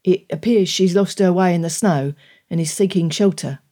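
A woman's voice: lowish voice, normal speed, warm tone, lightly acted. A woman voicing a discreet male butler in an audiobook, speaking formally and politely.

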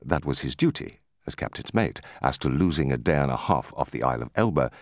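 A man voicing an eager older male shipowner in an audiobook, raising his voice in excited questions. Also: extremely low pitch, brisk, no room sound, studio quality, voice pushed down. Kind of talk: audiobook character voice.

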